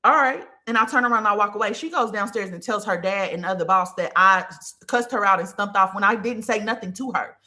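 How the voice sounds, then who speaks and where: A woman in her thirties talks through a personal story in a loose, casual monologue. Her voice is bright and forward, and she swears freely and builds up animated tellings. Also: medium pitch, fast talker, hardly any pauses. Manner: candid, profane, animated storytelling. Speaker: podcast host.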